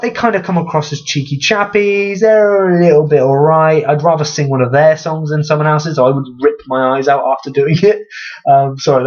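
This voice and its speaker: A young man, ranting sarcastically in a comedic vlog, swearing freely and jumping up in pitch. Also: muffled recording. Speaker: vlogger.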